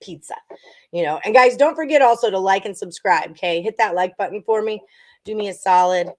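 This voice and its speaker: A woman's voice: mid-range voice, brisk. A woman hosting a casual sports betting livestream, chatting in a rambling way with frequent ums and laughs. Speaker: sports betting show host.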